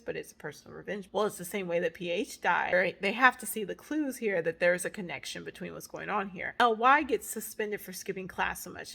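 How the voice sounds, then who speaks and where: A woman recapping a movie plot in a casual, animated vlog with dramatic asides. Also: on the low side, creaky. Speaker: movie reviewer.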